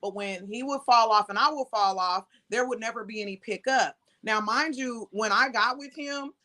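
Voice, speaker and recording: A woman's voice: on the high side, moderate pace, pushed and bright. A woman, speaking frankly and conversationally as an interview guest. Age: 30s. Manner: frank, laughs readily, conversational. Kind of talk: candid interview talk.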